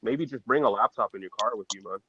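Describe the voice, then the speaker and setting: A man's voice: on the low side, fast. A man calling in from outdoors on an earphone mic, talking hesitantly with many fillers. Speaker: panel guest. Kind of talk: casual panel chat. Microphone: earphone mic on a call. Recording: distant dull earphone call audio.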